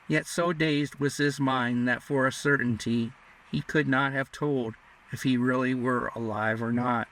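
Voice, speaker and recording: Slow-reading male audiobook narrator. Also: medium pitch. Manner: measured, even reading. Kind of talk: scripted narration. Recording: distant mic.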